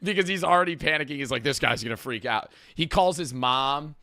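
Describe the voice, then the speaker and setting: Profane, lively young man ranting. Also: on the high side, brisk, no room sound, clean studio sound. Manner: rambling, profane, lively storytelling. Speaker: streamer reacting to videos. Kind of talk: casual reaction commentary.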